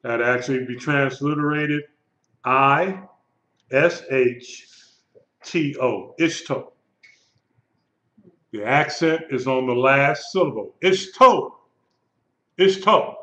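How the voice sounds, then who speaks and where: A man teaching a live Hebrew lesson, speaking slowly and patiently and repeating words for his students. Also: mid-range voice, fairly bright tone. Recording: lo-fi echoey room recording.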